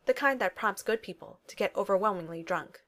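A snarky, self-assured man with a quick, flippant tongue, voiced by a woman reading a storybook-style audiobook. Mid-pitched and unforced. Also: natural voice. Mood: wry. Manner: wisecracking and flippant. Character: snarky confident male billionaire inventor. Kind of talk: audiobook reading of fan fiction.

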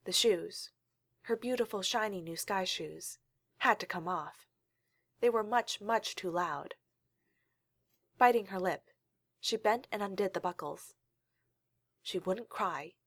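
Woman calmly reading a story. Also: medium pitch, takes it slowly, long pauses, no room sound. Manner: calm, steady storytelling. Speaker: reader.

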